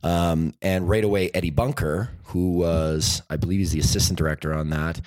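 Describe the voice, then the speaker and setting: A man on a podcast telling animated stories and acting out the voices of the people in them. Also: sits low, normal speed, no room sound. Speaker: documentary filmmaker guest. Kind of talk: podcast interview storytelling.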